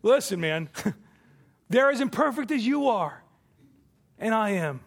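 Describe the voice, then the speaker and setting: Guy preaching a sermon, kinda high voice with lots of fry, gets loud then drops way down. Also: lively intonation, slow. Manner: emphatic preaching, rising and falling in volume. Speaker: pastor.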